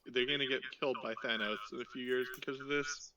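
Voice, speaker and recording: A man's voice: medium pitch, fairly even intonation, fast talker, a loud crowd. A man rambling and thinking aloud in casual chat, swearing now and then. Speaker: co-host. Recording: dull lo-fi mic.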